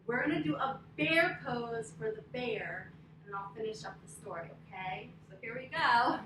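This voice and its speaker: A woman leading young children through an interactive story and yoga lesson, expressive and prompting them to repeat after her. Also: a little high, normal speed. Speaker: preschool teacher leading kids' yoga. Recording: echoey, distant, noisy room.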